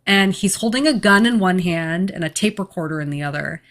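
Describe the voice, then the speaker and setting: Low-voiced woman recapping a movie. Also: expressive, brisk, a bit bright. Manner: chatty, laughs often, many fillers. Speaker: podcast co-host. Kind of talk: casual podcast chat, recapping a movie plot.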